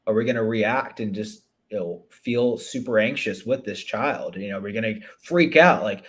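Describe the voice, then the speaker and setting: A man talking as a relationship coach in a relaxed interview. He is earnest and thoughtful, with a voice of middling pitch. He often restarts his sentences and leans on "you know" as he explains. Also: normal speed. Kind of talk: conversational interview.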